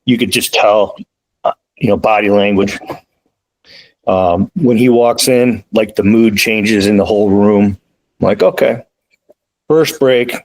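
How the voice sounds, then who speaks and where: A man, a police defensive tactics trainer, talking as a podcast guest in a relaxed, anecdotal way. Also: lowish voice, unhurried, pauses often, low-quality recording. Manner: relaxed, anecdotal, quotes others in lively asides. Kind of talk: casual conversational storytelling. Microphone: remote call.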